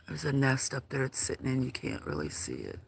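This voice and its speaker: A man hosting a casual livestream outdoors at a farm, talking in a soft, hesitant way with lots of fillers. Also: medium pitch, sing-song, creaky, noisy background. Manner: slow, soft-spoken, hesitant with many fillers. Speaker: livestream host.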